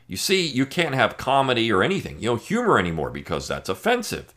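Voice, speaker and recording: A man's voice: mid-range voice, wildly swooping pitch, quick pace, fairly bright tone. A man hosting a podcast, giving an emphatic, sarcastic opinion monologue with frequent fillers. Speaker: podcast host.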